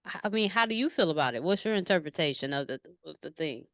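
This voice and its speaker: A woman chatting casually in an interview, telling stories in an animated, slangy way and asking questions. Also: low-pitched, quick pace, no room sound, clean studio sound. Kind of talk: casual conversation.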